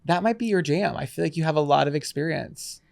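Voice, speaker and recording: A woman co-hosting a podcast, upbeat and playful, reacting quickly in casual chat. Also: deep voice, creaky, a little mellow, no echo, studio quality. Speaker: podcast co-host.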